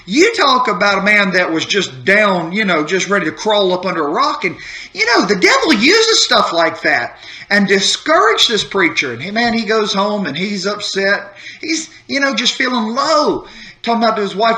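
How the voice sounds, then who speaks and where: A man's voice: sits high, big pitch swings, moderate pace, bright, forceful tone. A man giving a short devotional sermon, telling a story in a folksy, repetitive, building way. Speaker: pastor. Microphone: holding a phone while speaking to camera.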